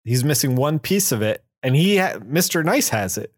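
A man co-hosting a comic book podcast, casually retelling a plot and slipping into quick voices for the characters. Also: fairly high pitch, sing-song, no echo, clean studio sound. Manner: acts out quotes in quick voices.

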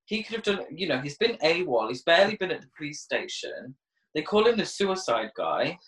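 A woman's voice: deep voice, big pitch swings, brisk, fairly bright tone. A woman co-hosting a casual podcast, reacting to a film with incredulous jokes. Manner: incredulous, joking commentary. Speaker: podcast co-host. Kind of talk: casual film recap chat. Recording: echoey room, distant from mic.

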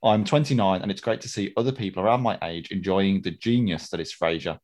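A man's voice: low-pitched, fairly quick, darkish tone. A man co-hosting a casual podcast, chatty and hesitant, often laughing at himself. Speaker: podcast co-host.

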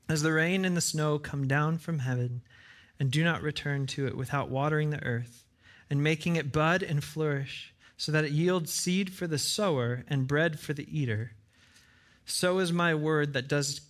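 An earnest male pastor delivers a sermon in a church. His voice sits slightly high, and he repeats phrases for weight. Now and then he acts out a brief back-and-forth to make his point. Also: fairly bright tone. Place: church with side screens.

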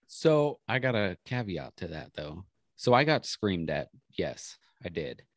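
Low-voiced man telling stories casually. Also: sing-song, measured pace, no echo, studio quality. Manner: rambling storyteller, many restarts. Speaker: podcast co-host. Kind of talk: casual chat.

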